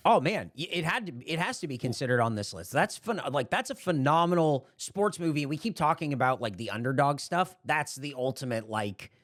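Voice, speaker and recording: Lively, high-pitched man wrapping up. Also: brisk, few pauses, dry recording, clean studio sound. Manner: lively, reads results with emphasis. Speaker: podcast producer and draft moderator. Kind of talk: casual podcast chat.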